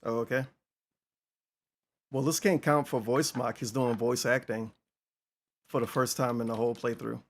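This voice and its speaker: A man's voice: mid-range voice, fairly even intonation, moderate pace, pauses often, slight background noise. A man commenting on a stream in a dry, mocking way, swearing casually.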